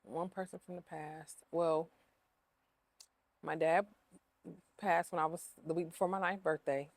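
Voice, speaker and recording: A woman's voice: deep voice, fairly even intonation, a little slow, long pauses, no room sound. A woman who owns a cleaning business, talking openly in a casual interview, emotional and repeating herself with lots of fillers. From Ohio.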